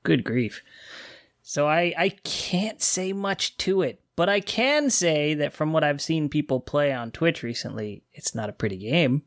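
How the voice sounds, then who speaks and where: A man's voice: fairly high pitch, expressive, measured pace, dry recording, clean studio sound. A man in his thirties in a casual roundtable chat about games, chatty and self-deprecating. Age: 30s.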